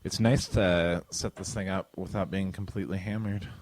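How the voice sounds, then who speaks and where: A man's voice: low voice, fairly even intonation, normal speed, darkish tone. A young man co-hosting a podcast, chatting casually, rambling through stories and laughing often. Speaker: podcast co-host. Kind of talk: casual chat.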